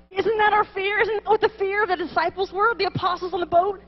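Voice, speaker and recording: Young woman with a high voice telling her story at a conference, lively and jokey, dull lo-fi recording. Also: fast, hardly any pauses. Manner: animated storytelling with playful asides to the audience. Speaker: conference speaker. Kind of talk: humorous personal testimony talk.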